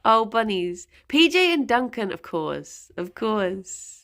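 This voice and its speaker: A woman's voice: a little high, big pitch swings, takes it slowly, fairly bright tone. A young woman chatting casually on a livestream at home, giggling and talking to her pet rabbits. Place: at home, indoors.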